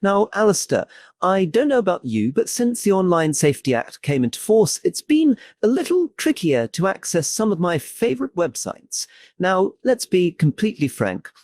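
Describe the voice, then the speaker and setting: A man playing a chirpy male podcast co-host who reads ads brightly and cuts in with patronizing explanations in a satirical podcast parody. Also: high voice, sing-song, normal speed, no room sound, clean studio sound. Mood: upbeat. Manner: upbeat ad-read delivery, patronizing explanations.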